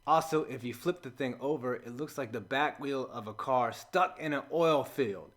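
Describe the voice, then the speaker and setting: An American man giving a sarcastic, jokey, scripted voice-over, with sudden loud outbursts between flat asides. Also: mid-range voice, normal speed. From United States. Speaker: comedy video host.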